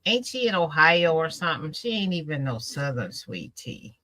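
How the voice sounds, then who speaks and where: A woman from the Midwestern United States chatting casually about family trips south, laughing often and telling lively stories. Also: low-pitched, normal speed, a crowd in the background. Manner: laughing, animated storytelling with dialect. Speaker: host. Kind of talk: casual chat while sewing.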